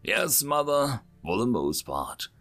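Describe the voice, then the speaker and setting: A man voicing a composed alien noble who speaks gently and formally to his mother. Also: medium pitch, big pitch swings, takes it slowly, heavily acted. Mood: patient.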